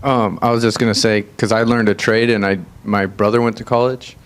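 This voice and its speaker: Low-voiced plainspoken man. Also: steady tone, a little fast, clear, resonant tone. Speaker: congregation member. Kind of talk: sharing a comment in church.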